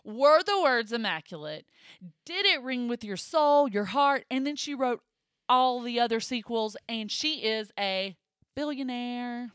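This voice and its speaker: A woman co-hosting a casual chat, telling a story with lively swings and high put-on voices. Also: unhurried, clean tone, dry recording, studio quality. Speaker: podcast co-host.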